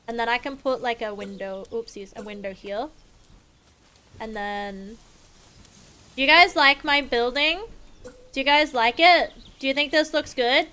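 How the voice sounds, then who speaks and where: A woman's voice: on the high side, unhurried, pauses often, sharp tone, smooth. A young woman streaming a game live, chatting casually with viewers in a playful, sarcastic way and swearing freely. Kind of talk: casual live-stream chat while gaming.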